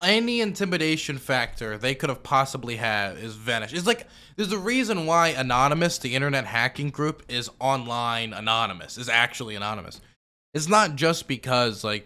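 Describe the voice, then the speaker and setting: A man's voice: medium pitch, lively intonation, fairly quick, bright, forceful tone. A man giving casual, sarcastic reaction commentary as a streamer, rambling with lots of fillers.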